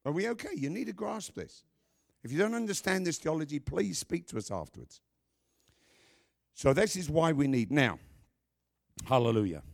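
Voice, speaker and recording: Male pastor, sermon, animated pitch, emphatic with joking asides. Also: normal speed, creaky, pauses often.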